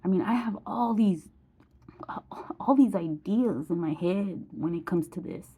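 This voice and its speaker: Woman, 40s, husky and mellow, blunt vlogger who swears freely. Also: mid-range voice, a little slow. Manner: blunt, emotional, swears casually. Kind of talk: candid personal vlog.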